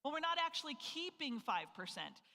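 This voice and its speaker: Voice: high-pitched, very animated, fairly quick, vocal fry, bright, forceful tone, big-room sound, a little hiss or hum. A financial planning presenter from North Dakota giving a live seminar and firing rhetorical questions at the audience. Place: event hall with a live audience.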